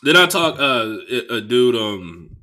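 A young man from the Bay Area hosts a podcast and tells stories in a loose, profane way. His voice is bright and forceful, and it jumps up sharply in pitch when he gets animated. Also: a little slow. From Bay Area, California. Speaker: podcast host. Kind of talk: casual storytelling monologue.

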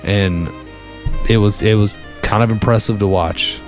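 A man's voice: on the low side, fairly even intonation, unhurried, soft background music. A young adult man co-hosting a podcast, telling stories in a rambling, irreverent way with lots of fillers. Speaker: podcast co-host. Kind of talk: casual storytelling chat.

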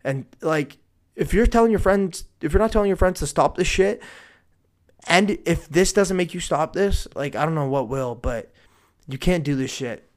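A man in his twenties giving casual solo commentary on news stories, profane and ranting, swinging between low muttering and sudden outbursts. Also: animated, normal speed. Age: 20s.

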